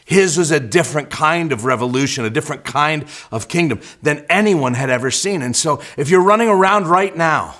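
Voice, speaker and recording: A man's voice: on the high side, expressive, a little fast, few pauses, fairly bright tone. A man preaching a sermon as a church pastor, often repeating words as he starts phrases and acting out quotes with energy. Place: church sanctuary.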